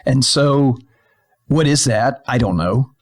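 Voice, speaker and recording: A man's voice: medium pitch, takes it slowly. Rambling podcast co-host man. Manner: rambling storyteller, many fillers and restarts. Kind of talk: casual chat. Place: filmed podcast studio.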